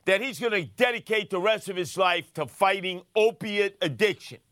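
A man's voice: high-pitched, moderate pace, a bit bright, dry recording, studio quality. A man from Brooklyn hosting talk radio, with brash, mocking street talk. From Brooklyn, New York. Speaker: radio host. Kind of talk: talk radio banter and commentary.

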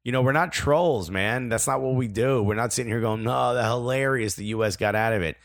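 A man's voice: medium pitch, brisk, dry recording, studio quality. A man co-hosting a podcast in casual chat, earnest and emphatic, with some self-deprecating humor. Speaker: podcast co-host.

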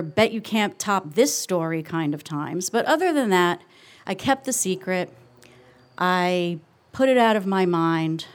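A middle-aged woman telling a personal story on stage, earnest and confessional, slowing down with reflective pauses. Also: mid-range voice. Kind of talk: live storytelling.

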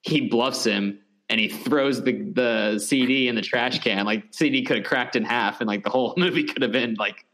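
A man co-hosting a podcast in casual chat, easygoing and quick to laugh, with halting restarts. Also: mid-range voice, a bit bright. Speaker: podcast co-host.

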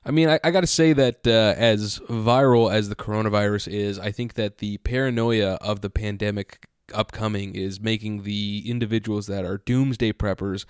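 A man with a lowish voice telling chatty stories in a casual podcast chat. He is recorded close and dry, with no room around him. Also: clear, resonant tone, no echo. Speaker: podcast co-host.

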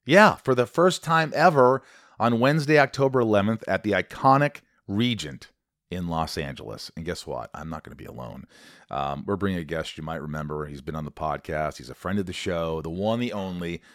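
Male podcast host, very deep voice, dry close studio sound, animated storyteller. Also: a little fast, no echo. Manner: animated storyteller, acts out quotes. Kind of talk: casual interview chat.

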